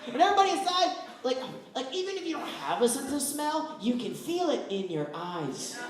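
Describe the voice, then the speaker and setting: A man's voice: very high-pitched, moderate pace. A man from West Virginia doing a stand-up comedy set, rambling through stories and acting out voices. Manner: rambling, animated storytelling with acted-out voices. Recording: echoey room, voice from far off.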